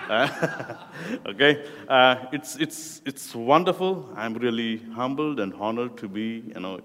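Slow-speaking Indian man preaching in a hall. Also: fairly low pitch, a bit bright. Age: middle-aged. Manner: slow, deliberate, with non-native phrasing. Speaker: guest preacher, youth ministry director. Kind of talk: sermon talk to a youth group. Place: echoey church room. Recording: echoey room with long reverb.

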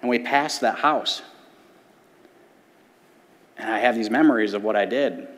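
A man in his thirties, a middle school ministry pastor, shares his personal testimony from the stage of a church sanctuary. His voice is on the low side with a fairly bright tone, and he tells the story earnestly at a measured pace with dramatic pauses. Long church hall reverb fills the recording.

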